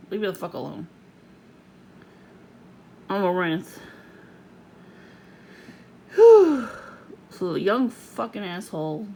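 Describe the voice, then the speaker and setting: A woman ranting angrily to camera, swearing constantly and jumping to shouts and mocking sing-song. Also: medium pitch, vocal fry, slight background noise, low-quality recording. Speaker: vlogger. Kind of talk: angry profane rant to camera.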